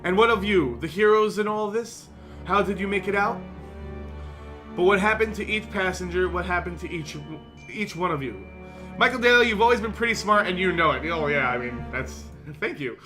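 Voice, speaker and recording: A man hosts a let's play with a high, bright, forceful voice. He reads the game's narration in a hammy, theatrical way and breaks off to laugh and joke. Quiet game music plays underneath. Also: a little fast. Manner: playful, hammy dramatic reading with laughs. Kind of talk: gameplay commentary, reading game text aloud.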